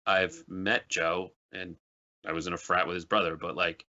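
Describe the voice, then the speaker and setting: A man's voice: low-pitched, flat delivery, normal speed, bright, forceful tone, muffled recording. A man as guest on a political chat show, joking and rambling through anecdotes. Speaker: guest co-host.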